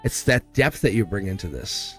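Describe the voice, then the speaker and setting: A middle-aged man hosting a live tarot reading, rambling and upbeat, his voice hoarse and cracking. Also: on the low side, sing-song, normal speed, faint music behind. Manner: rambling, upbeat, repeats himself. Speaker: tarot reader and host.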